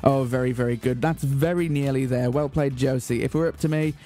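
A man hosting a community radio show, announcing in a mock-grand, deadpan way. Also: medium pitch, a little fast. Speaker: radio host. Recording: faint music bed behind.

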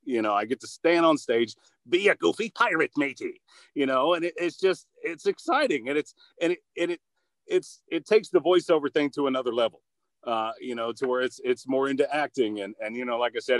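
A man's voice: mid-range voice, dry recording. An upbeat, goofy man talks about his voice-acting work in a casual interview. He stumbles through restarts and fillers with easy energy. His voice sits in a middle register on a dry, close recording. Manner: upbeat and goofy, with many fillers and repeated starts. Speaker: voice actor and commercial producer.

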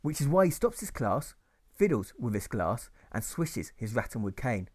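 A man reading his own novel aloud as audiobook narration, in a steady, rhythmic delivery of rhymed lines. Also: mid-range voice, moderate pace.

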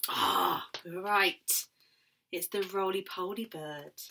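Female teacher reading aloud to children, expressive with hushed asides. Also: mid-range voice, takes it slowly.

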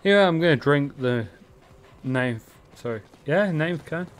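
Gamer commentator, male, slightly high and unhurried, profane, quick to blow up; noisy game audio in the background. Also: animated. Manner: swears a lot, loud frustrated outbursts. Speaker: gameplay commentator. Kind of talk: casual gaming commentary. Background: game sounds.

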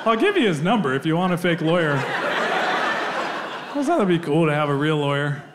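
A middle-aged man telling a story in stand-up, acting out the other voices with big jumps in pitch, with audience laughter. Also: sing-song, moderate pace, very noisy. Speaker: stand-up comedian. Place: comedy club stage.

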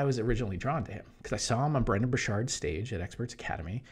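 A man talking as an online business coach in a casual promotional monologue, energetic, jumping between loud bursts and hushed asides. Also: medium pitch, rapid-fire, husky. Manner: mimics other people in quoted voices.

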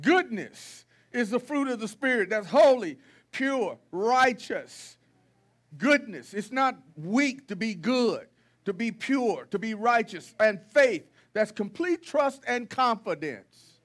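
Male pastor, very high voice, folksy, blunt sermon style with repetition. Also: animated, slow, a bit bright. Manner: folksy, preachy, calls out the congregation with repetition. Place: church sanctuary.

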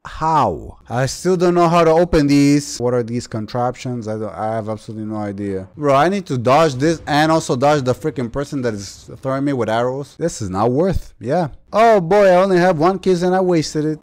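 A young man giving casual gameplay commentary as a YouTuber, excitable and slangy, yelping and talking back to enemies. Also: medium pitch, normal speed, few pauses. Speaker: gaming YouTuber.

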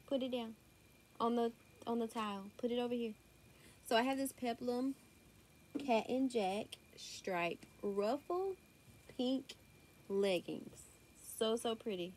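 A woman's voice: on the high side, a little hiss or hum. A young woman with a thick Southern US accent, chatting casually through a clothing haul at home with her daughter nearby. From Southern United States. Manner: chatty, drawling, says y'all a lot. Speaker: vlogger. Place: home room. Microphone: tablet built-in mic.

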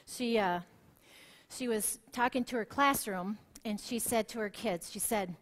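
A woman worship leader preaching a sermon in a church, telling stories with lively acted quotes. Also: a little high, measured pace.

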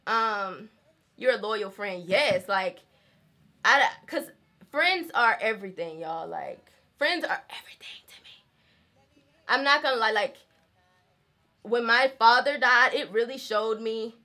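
A woman's voice: medium pitch, bright, forceful tone. A young woman with a Southern American accent, from the rural South, chatting candidly to camera in a home vlog. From Southern United States, rural. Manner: chatty, candid, frequent laughs, says y'all. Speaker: vlogger. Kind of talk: casual chat to camera.

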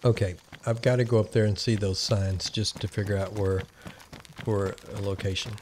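A man's voice: fairly low pitch, level tone, normal speed, noisy background. A man giving casual gameplay commentary, rambling and thinking aloud as he plays. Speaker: gaming channel host.

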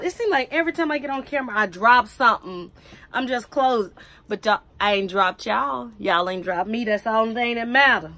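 A woman's voice: on the high side, animated, fairly quick, pushed and bright. A woman, chatting to camera in a wig review vlog, joking and teasing herself. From United States. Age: 30s. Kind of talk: casual chat to camera.

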